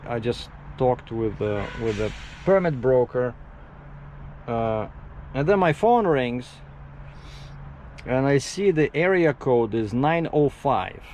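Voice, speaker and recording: A man's voice: mid-range voice, a little mellow, slight background noise, poor audio. A man who drives trucks, chatting casually in a vlog while parked outdoors. He rambles, restarts his sentences and jumps from topic to topic. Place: outdoors at a truck parking area.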